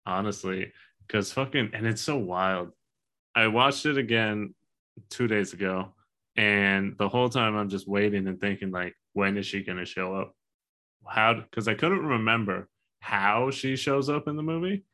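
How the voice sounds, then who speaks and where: A man's voice: fairly low pitch, unhurried, pushed and bright. A man in his thirties co-hosting a casual podcast chat, talking in a loose, profane way and laughing as he tells stories. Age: 30s. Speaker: podcast co-host.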